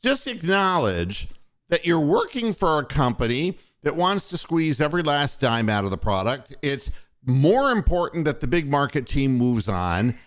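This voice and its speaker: An older man hosts a sports talk show in a rambling, profane storytelling manner. His voice sits a little high and swings through a very animated range of pitch. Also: moderate pace. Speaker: podcast host and former radio station boss.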